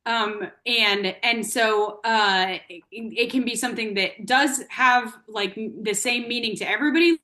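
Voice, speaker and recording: Woman therapist presenter, slightly high, bright voice, thoughtful and example-driven, video call. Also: measured pace. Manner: thoughtful, explains with everyday examples. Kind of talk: answering questions in an online workshop.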